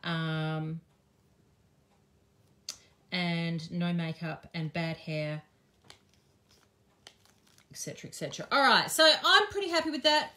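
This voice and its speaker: A woman's voice: on the low side, animated, slow, pauses often, bright, forceful tone. An Australian woman chatting and thinking aloud with frequent ums as she teaches a live craft demonstration. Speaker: craft teacher and shop owner.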